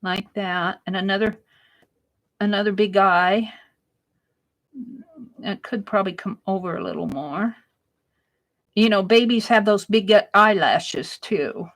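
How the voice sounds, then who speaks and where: A woman hosting a casual craft livestream, chatting and laughing at her own drawing as she works, sometimes dropping to a soft murmur. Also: medium pitch, a little slow, long pauses, rough recording.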